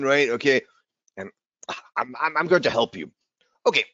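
A man teaching an informal English lesson to Spanish students, animated, repeating key words and slipping in Spanish asides. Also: on the high side, moderate pace, pauses often, dry recording, highs cut off.

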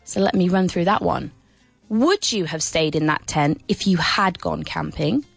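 A woman's voice: fairly low pitch, measured pace, creaky, husky, dry recording, soft background music. A woman presenting a radio English lesson, playful and full of laughs, with exaggerated sing-song intonation on her questions. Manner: lively, playful, with many laughs. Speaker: English teacher and radio host. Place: radio studio.

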